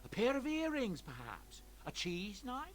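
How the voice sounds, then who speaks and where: An actor playing a courteous travelling merchant in a video game, eager to sell and talking in smooth, coaxing sales patter. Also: male voice, very high voice, wildly swooping pitch, a little slow, slight background noise, heavily acted. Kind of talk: video game character dialogue.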